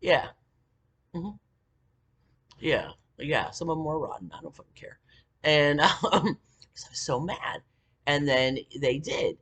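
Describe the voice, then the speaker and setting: A woman's voice: deep voice, animated, slow, long pauses, a bit bright, breathy edge. A woman vlogger telling a long personal story in a heated, profane, rambling way.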